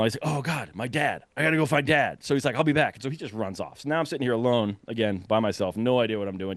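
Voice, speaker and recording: A man's voice: on the low side, no room sound. Guy telling a wild story, all worked up and laughing, dry sound. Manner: animated, breathless storytelling with fillers and laughs. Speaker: podcast guest telling a hunting story. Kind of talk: casual storytelling.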